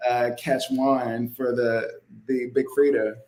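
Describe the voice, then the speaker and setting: Animated, laughing guest full of fillers. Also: male voice, medium pitch, a little slow. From not from New Orleans. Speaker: actor guest. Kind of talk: casual interview chat.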